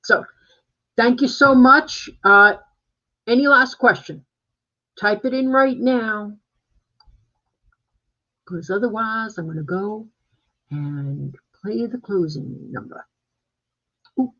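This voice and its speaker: A man's voice: sits high, slow pace, long pauses, sharp tone. A man working as a real estate agent, chatting casually on a live stream from home and rambling with plenty of fillers and restarts. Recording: dull lo-fi live-stream audio.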